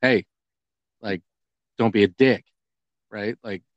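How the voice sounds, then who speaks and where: A middle-aged man co-hosting a podcast, chatting casually and telling stories with lively acted-out dialogue. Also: fairly low pitch, takes it slowly, no room sound, dull audio. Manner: animated storyteller, acts out quoted dialogue. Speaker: podcast co-host. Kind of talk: casual chat.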